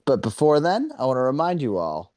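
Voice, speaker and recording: Young male podcast host, animated and excitable, voice swinging up and down, dry close mic. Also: mid-range voice, fairly quick, no echo. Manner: excitable, lively hype reactions. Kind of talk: casual gaming podcast chat.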